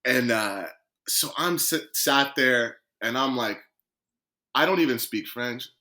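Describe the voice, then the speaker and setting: Bright-voiced man telling a lively story. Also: medium pitch, slow pace. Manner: lively storyteller who acts out quoted dialogue. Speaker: guest footballer. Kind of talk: storytelling in a podcast interview.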